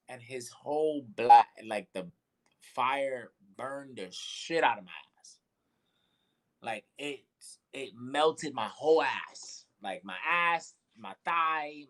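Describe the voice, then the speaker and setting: Man, casual podcast co-host, lively storyteller who curses freely and jumps into character voices; mid-pitched. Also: poor audio. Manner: animated, swearing, acts out voices in his stories.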